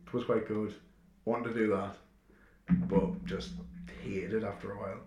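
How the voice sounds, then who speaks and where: A young man talks in a laid-back way and drops dry jokes into a casual podcast chat. His mid-pitched voice comes across in an echoey room with a faint hiss behind it. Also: flat delivery, normal speed, darkish tone. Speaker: podcast co-host.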